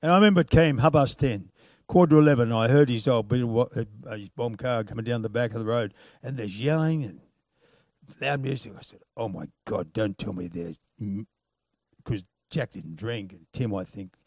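A man preaching a sermon, moving from loud, punchy calls to quiet, chuckling storytelling. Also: mid-range voice, a little fast, dry recording, studio quality.

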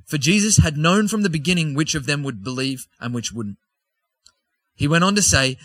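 A man's voice: fairly high pitch, expressive, normal speed, fairly bright tone, no room sound. A man preaching a sermon, reading scripture and breaking off into conversational asides and jokes with the congregation.

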